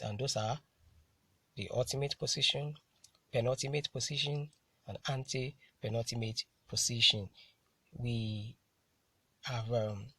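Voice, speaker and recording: A man teaching a recorded lesson, speaking slowly and deliberately, repeating key words and spelling out letters. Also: medium pitch, fairly bright tone, slightly rough, no room sound.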